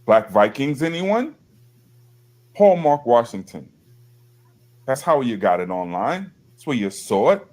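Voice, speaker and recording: A man's voice: medium pitch, sing-song, a little slow, darkish tone. A man hosting his own video channel, talking casually and reading aloud from a page, with loose asides, apologies and some swearing. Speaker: channel host.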